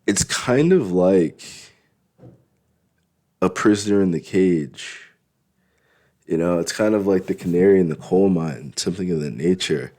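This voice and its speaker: Deep-voiced man ranting bluntly. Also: a little slow, pauses often, dark tone. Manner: blunt, rambling, profane. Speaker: vlogger. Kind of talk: casual monologue.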